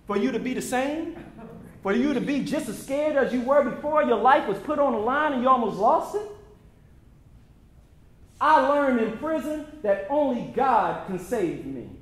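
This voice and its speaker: High-pitched man preaching in an echoey hall. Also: lively intonation, moderate pace. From United States. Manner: preacherly, emphatic, building repetition. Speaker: speaker at a documentary screening. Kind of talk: impassioned motivational speech. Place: event venue before an audience.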